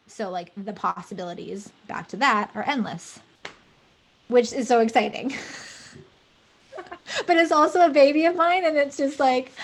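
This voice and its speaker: A woman guest speaking in a relaxed podcast conversation, her voice sitting a little high. She talks in a reflective, unhurried way and pauses on fillers as she feels her way through ideas. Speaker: podcast guest, fascial stretch therapist and creator.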